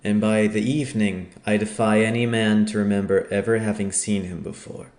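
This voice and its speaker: A low-voiced, cocky chief of thieves who brags with blustering confidence, as a male audiobook narrator reads him. The voice rings in an echoey room. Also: level tone, moderate pace, a little mellow, natural voice. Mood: boastful. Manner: boastful, blustering. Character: boastful male thief chief, cocky and gruff.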